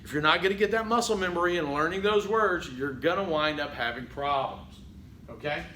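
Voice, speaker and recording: A man teaching a public speaking class in a conversational lecture, often saying "okay" and acting out halting speech full of fillers. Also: on the high side, bright, forceful tone, echoey room, a little hiss or hum, low-quality recording. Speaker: college public speaking instructor. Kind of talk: recorded lecture.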